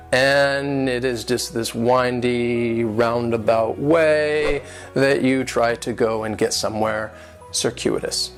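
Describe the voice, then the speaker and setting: A man teaching English vocabulary, patiently breaking words into syllables and stress. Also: medium pitch. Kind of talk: vocabulary and pronunciation lesson.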